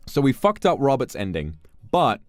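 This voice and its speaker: A male streamer giving casual gameplay commentary, animated, laughing and swearing often. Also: mid-range voice, moderate pace, no room sound, clean studio sound, faint music behind.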